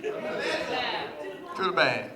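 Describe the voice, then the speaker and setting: At a wedding reception hall, an Australian groom in his thirties gives a chatty, self-deprecating speech, laughing often. His voice sits high, with huge pitch swings, and he speaks very slowly. Guest chatter from the crowd fills the large hall.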